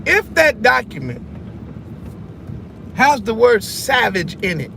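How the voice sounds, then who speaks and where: A man's voice: very high voice, big pitch swings, takes it slowly, vocal fry, background noise. A man hosting a casual vlog rant from inside a car, slangy and emphatic, full of rhetorical questions. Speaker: video host.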